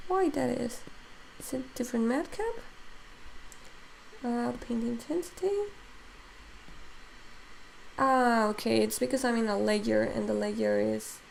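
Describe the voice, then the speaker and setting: Creaky-voiced woman teaching on a live stream. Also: fairly high pitch, slow, pauses often, slight background noise. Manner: thinks aloud with many fillers, answers chat comments. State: voice strained and tiring. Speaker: digital sculpting instructor. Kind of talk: live-stream tutorial chat.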